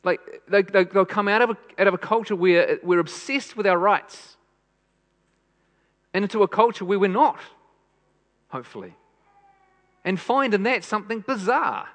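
A man's voice: high voice, expressive, normal speed, long pauses, fairly bright tone. A man preaching a sermon in an earnest way, repeating phrases for emphasis. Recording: long hall reverb.

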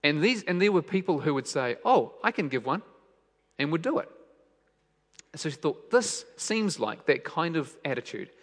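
A man giving a sermon, telling stories with soft, hushed moments and emphatic questions. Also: on the high side, big pitch swings, moderate pace. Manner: storytelling, shifts between soft hushed lines and raised emphatic questions. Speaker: preacher. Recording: long hall reverb.

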